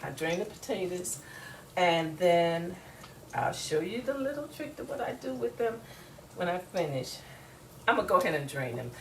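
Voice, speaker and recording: A woman's voice: fairly low pitch, big pitch swings, moderate pace, vocal fry, slight background noise, rough recording. A woman hosts a casual home cooking demonstration, chatting in a folksy way straight to her viewers. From US South. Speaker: cooking show host. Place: home kitchen. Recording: loud frying sizzle behind voice. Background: food sizzling in a frying pan.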